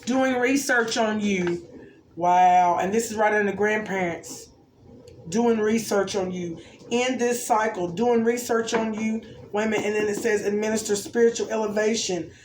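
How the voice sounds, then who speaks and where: A woman's voice: medium pitch, steady tone, normal speed. A woman giving an intuitive oracle card reading to viewers, musing aloud and often asking "okay?". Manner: musing, exclamatory, keeps checking in with "okay?". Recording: roomy echo, faint background noise.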